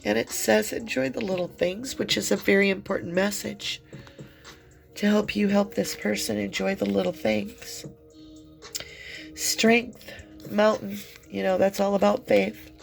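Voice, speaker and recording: Her gravelly, mid-range voice keeps a steady tone while faint music plays behind. Tearful and heartfelt, this tarot reader speaks slowly and soothingly through an emotional reading.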